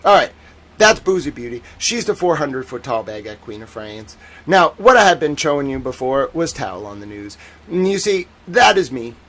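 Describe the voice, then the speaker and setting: A man hosting a casual legal commentary stream, animated and sarcastic, who mocks people in whiny put-on voices. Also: mid-range voice, moderate pace. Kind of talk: casual chat.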